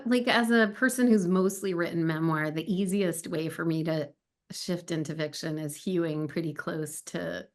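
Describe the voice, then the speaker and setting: A woman in her fifties, an author talking as a guest in a casual, chatty way, laughing often and using many fillers. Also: lowish voice. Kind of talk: casual chat.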